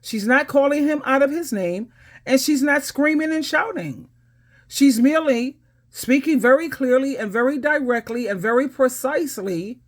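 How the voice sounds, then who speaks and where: A woman's voice: sits high, moderate pace. A middle-aged woman advice coach giving emphatic, authoritative reaction commentary.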